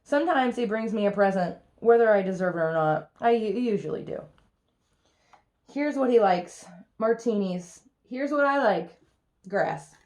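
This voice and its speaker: A woman reading a children's picture book aloud in an expressive, lively first-person storytelling voice. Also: medium pitch, moderate pace. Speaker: reader.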